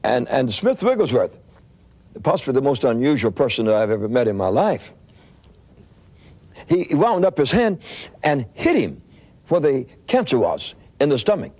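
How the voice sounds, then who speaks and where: Older preacher with a lively swooping voice. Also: male voice, mid-range voice, moderate pace, pauses often. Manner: animated anecdotal storytelling with frequent restarts. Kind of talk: storytelling sermon.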